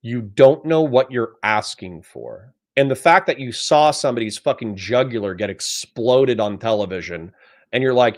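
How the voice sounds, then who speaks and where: A man's voice: medium pitch, normal speed. A man hosting a livestream, reading out chat messages and answering them in a blunt, profane, conversational way. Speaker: livestream host.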